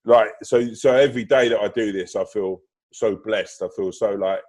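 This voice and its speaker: A podcast guest with a lowish, darkish voice chats casually at normal speed over a remote call that keeps dropping out. His tone is steady, but he swears freely, uses lots of fillers and restarts, and breaks into laughter while telling stories.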